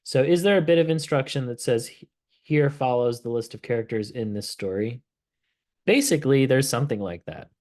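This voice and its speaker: A man hosting a casual software demo livestream, relaxed and thinking aloud as he clicks through the tool. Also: mid-range voice, a little fast. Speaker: host of a product livestream.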